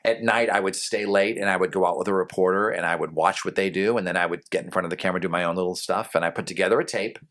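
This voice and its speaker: A middle-aged man from New England with a notably low, deep voice, recounting his years in TV news. He talks in a loose, rambling way, full of "um" and "you know" and restarts. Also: fast talker, hardly any pauses, fairly bright tone. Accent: faint New England. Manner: rambling, many fillers and restarts. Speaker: guest, television news anchor. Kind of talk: relaxed storytelling in a podcast interview.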